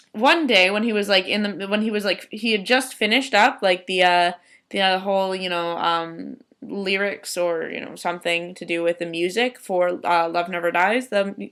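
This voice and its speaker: Bright-voiced young woman chatting. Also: mid-range voice. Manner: rambling, lots of ums and restarts. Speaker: vlogger on a student theater trip. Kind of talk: casual video journal chat.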